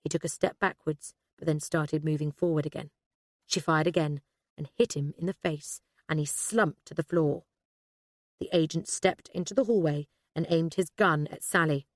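A woman narrating an audiobook thriller in a steady, measured way. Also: deep voice, no room sound, studio quality.

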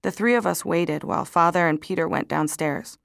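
Low gravelly woman reading a diary. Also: brisk, no echo, studio quality. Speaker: audiobook narrator. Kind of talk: scripted narration of diary entries.

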